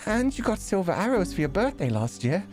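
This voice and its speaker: A man's voice: sits high, sing-song, a little fast, music in the background, pitched above the performer's own voice. A man voicing an eager young elf adventurer in a fantasy game who rambles and stammers nervously. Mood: excited rambling. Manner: hesitant, stammering, talks itself in circles.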